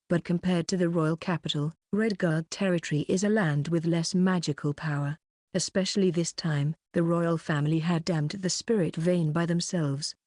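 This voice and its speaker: Audiobook narrator, female, mellow low voice, steady unhurried read, dry close sound. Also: no echo. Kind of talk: light novel audiobook reading.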